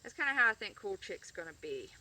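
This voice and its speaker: A chatty woman talks casually to camera while out by her chickens, rambling along with fillers and restarts. Her voice is bright and sits back from the mic, with faint outdoor ambience and animals behind. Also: mid-range voice, big pitch swings, fast talker, recorded from a distance, slight background noise. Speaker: backyard chicken keeper vlogger.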